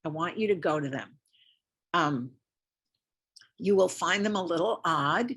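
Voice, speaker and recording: A woman's voice: lowish voice, lively intonation, a little slow, a bit bright, husky. An older woman lecturing at a community health talk, chatty and encouraging, often repeating herself for emphasis. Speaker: lymphedema lecturer. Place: community center lecture room.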